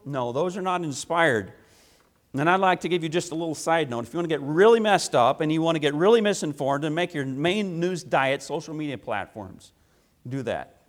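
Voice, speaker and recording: A male preacher with a notably high voice delivers a sermon. He hammers his points home by repeating key phrases and asking rhetorical questions. His delivery swings between loud declarations and hushed asides. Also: lively intonation, normal speed.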